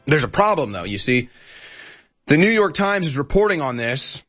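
A man's voice: on the high side, very animated, normal speed, fairly bright tone, soft background music. A man hosting a talk show, joking and sarcastic in casual chat. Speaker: host.

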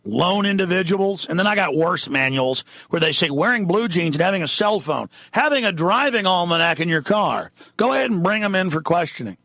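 A man's voice: high voice, expressive, fairly quick, few pauses, sharp tone, dry recording, dull audio. Indignant ranting male talk radio host. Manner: ranting, indignant, reads news items aloud. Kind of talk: impassioned talk radio monologue.

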